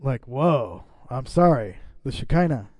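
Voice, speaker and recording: A man's voice: medium pitch, lively intonation, unhurried, a little mellow, no echo. A middle-aged man preaching a sermon as pastor, reading scripture and breaking off into casual asides to the congregation.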